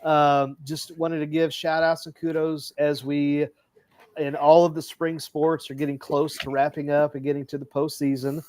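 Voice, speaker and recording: A man's voice: a little high, level tone, moderate pace, a little mellow, a little hiss or hum. A man hosting a casual sports podcast, rambling with lots of fillers and giggles. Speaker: podcast host and coach. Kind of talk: casual chat.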